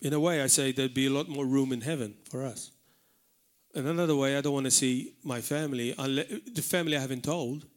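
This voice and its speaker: At a live service in a church hall, a Maltese pastor delivers his sermon a little fast in a medium-pitched voice, earnestly stressing points by repeating words.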